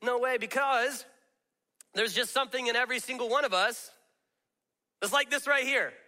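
A man's voice: extremely high pitch, moderate pace, bright, forceful tone. A middle-aged man preaching a sermon in a casual, joking way, acting out the voices he quotes. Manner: conversational and self-deprecating, acts out quoted voices. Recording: long reverb of a large hall.

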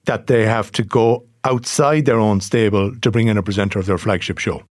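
A man's voice: lowish voice, a little fast, no room sound, clean studio sound. A man hosting a casual podcast, asking questions with small hesitations. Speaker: podcast host. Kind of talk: casual newspaper podcast chat.

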